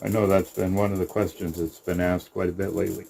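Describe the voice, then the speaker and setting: A middle-aged man, a rabbit breeder, giving a casual video update in an unhurried, halting way, now and then softly cooing to his animals. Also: sits low, flat delivery, creaky, a little hiss or hum.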